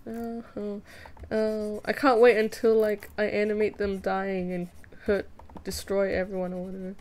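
A woman's voice: medium pitch, level tone, moderate pace, a little mellow, a little hiss or hum. A young woman chatting casually with viewers while drawing on a live stream, playful, giggly and self-mocking. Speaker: streamer drawing fan art.

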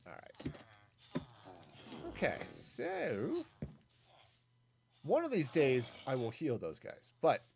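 A man's voice: fairly high pitch, a little mellow, a little hiss or hum. A man streaming a game solo, giving casual, rambling commentary as he builds, thinking aloud with self-mocking jokes and asides.

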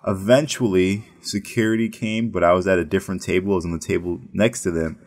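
A man's voice: low-pitched, fairly even intonation, fast talker, a little mellow. A man casually telling a story about his work as a casino dealer, rambling and profane, with many restarts.

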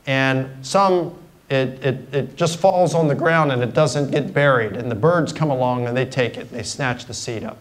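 A man's voice: mid-range voice, low-quality recording. Middle-aged guy guest lecturing students, chatty, walks through examples one by one. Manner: conversational, explains with examples. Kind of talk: university lecture. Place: lecture hall.

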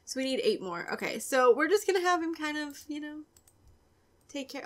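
A chatty young woman talks through her game in a casual, giggly way, her voice sitting a little high. She often sinks into a soft, breathy near-whisper. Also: expressive, moderate pace. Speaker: gaming video creator. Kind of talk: casual let's-play commentary.

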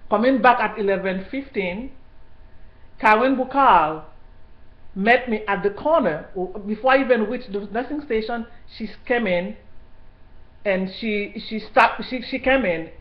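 A woman who worked in hospital care tells her story as a personal testimony, indignant and halting, with many restarts. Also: on the high side, reverberant, highs cut off.

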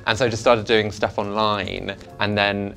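A man's voice: on the low side, level tone, normal speed, gravelly, bright, forceful tone, faint music behind. A man telling casual anecdotes about his career in a rambling way, full of fillers and giggles. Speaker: actor and online comedian.

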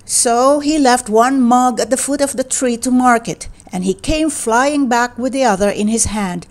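A woman reading a children's picture book aloud in a gentle, expressive, deliberate way. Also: fairly high pitch. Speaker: read-aloud narrator.

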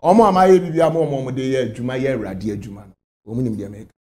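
A man's voice: mid-range voice, very fast, darkish tone. A man from Ghana, a spiritual leader, answering interview questions emphatically and repeating his phrases.

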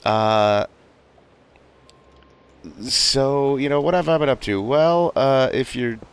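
A man's voice: medium pitch, slow pace, clear, resonant tone. A man casually commentating his game session, rambling and self-mocking with lots of asides. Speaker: gaming video host.

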